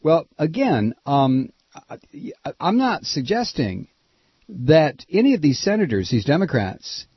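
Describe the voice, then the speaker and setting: Man, radio host, heated ranting, husky voice, animated pitch, dull dry radio sound. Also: measured pace, dry recording. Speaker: radio talk show host. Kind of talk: impassioned political radio monologue.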